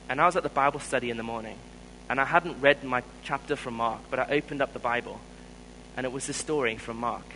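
A man with a South African accent preaches a sermon, earnestly telling a personal story and getting louder whenever he stresses a point. His voice is mid-range, and the rough recording carries a little hiss or hum.

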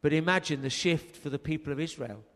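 A man's voice: on the high side, fast talker, a bit bright. A man preaching a sermon, telling a story earnestly and raising his voice for emphasis. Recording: long hall reverb.

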